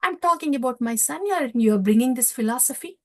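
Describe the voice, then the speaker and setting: A woman playing an older cowherd chief defending his son, pleading and incredulous. The voice sits high, and the questions pile up one after another. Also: animated, brisk. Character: indignant fatherly cowherd chief, older man.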